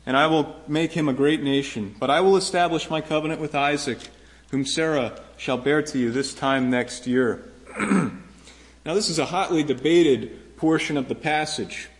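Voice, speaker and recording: A middle-aged man preaching a sermon, his voice sitting a little higher than most men's. He talks earnestly and with emphasis, repeating key phrases and lifting his voice when he quotes a promise. He addresses his congregation directly. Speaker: pastor.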